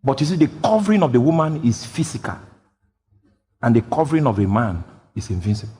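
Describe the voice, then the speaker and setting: A man preaching a sermon, jumping from loud shouted quotations down to quiet, low explanation. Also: big pitch swings, fairly quick, breathy edge. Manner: bursts into loud shouted quotes, then drops low. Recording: long hall reverb.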